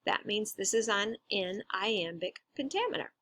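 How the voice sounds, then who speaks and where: A woman teacher talks through the lesson at an unhurried, deliberate pace, breaking each point into small steps and dropping in casual fillers. Her voice is bright and a little high. The recording is dry and close, with no room sound. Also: big pitch swings, no echo. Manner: patient, step-by-step explaining with casual fillers. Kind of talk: instructional explanation.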